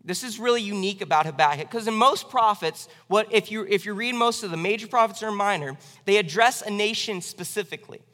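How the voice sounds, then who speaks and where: A man's voice: high-pitched, a little fast, few pauses, pushed and bright. A male pastor preaching a sermon with earnest emphasis, lifting his voice on the strongest lines. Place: church sanctuary. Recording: church hall reverb.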